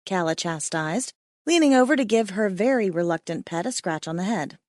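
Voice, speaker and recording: A woman narrating a comic romance audiobook in a playful, expressive way. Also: medium pitch, normal speed, no echo, studio quality.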